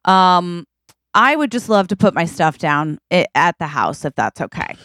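A woman's voice: fairly low pitch, lively intonation, moderate pace, fairly bright tone, no room sound, clean studio sound. A woman co-hosting a podcast, playfully improvising a comic scene. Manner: playful, reacting. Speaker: podcast co-host. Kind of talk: improvised comedy chat.

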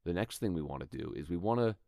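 Very deep-voiced man teaching acting. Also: expressive, quick pace, creaky, dark tone, no echo, clean studio sound. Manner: thoughtful, conversational, demonstrates lines aloud. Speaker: acting coach podcast host. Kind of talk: instructional talk.

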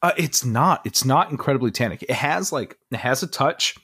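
A man's voice: medium pitch, expressive, moderate pace, a bit bright, slightly rough. A young man co-hosting a podcast, chatting casually and enthusiastically with lots of fillers. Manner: enthusiastic, rambling with many fillers. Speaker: podcast co-host. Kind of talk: casual chat.

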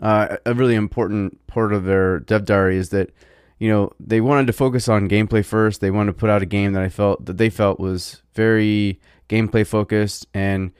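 This is a man chatting on a gaming podcast in a loose, rambling way, full of "you know" and restarts. His voice sits a bit low. The sound is dry and close to the mic. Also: fairly even intonation, normal speed, darkish tone, smooth, dry recording. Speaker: podcast co-host. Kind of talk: casual gaming podcast chat.

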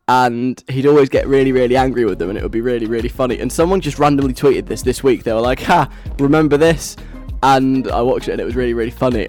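A man's voice: mid-range voice, darkish tone. A young man DJing on the radio, chatting casually in a giggly, rambling way.

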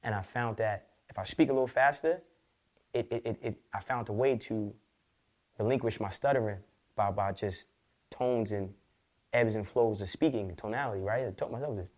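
A man, a podcast guest, telling his life story in fast, slangy, profane street talk. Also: fairly low pitch, a little mellow. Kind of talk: candid interview storytelling.

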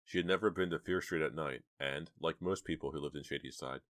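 A man narrating an audiobook in a steady, measured storytelling manner. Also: extremely low pitch, no room sound, clean studio sound.

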